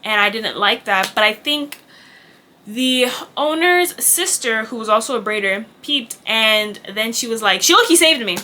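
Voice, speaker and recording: A young woman vlogger tells a casual storytime in a slightly high, slightly slow voice with a bright, forceful tone. She's candid and chatty, swears freely, and acts out the dialogue people said.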